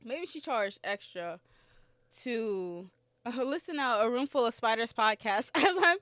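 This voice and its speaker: Young female podcast host, high bright voice, dry close sound, rambling and giggly, slight sore throat. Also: animated, a little slow, dry recording. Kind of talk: casual film review chat.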